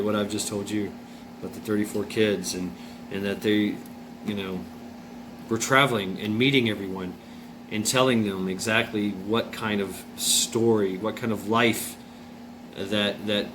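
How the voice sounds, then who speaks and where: A man telling a personal story in a casual, rambling way, repeating himself, restarting, filling pauses with uh and swearing bluntly. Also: fairly low pitch. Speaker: vlogger. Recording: noisy room with air conditioner hum. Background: air conditioning hum.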